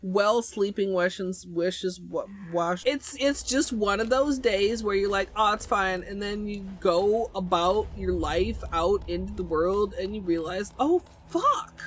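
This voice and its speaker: A woman's voice: medium pitch, unhurried, few pauses, slight background noise. A woman streaming live, chatting casually with silly, crude jokes. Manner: silly, crude, jokey asides. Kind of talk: casual livestream chat.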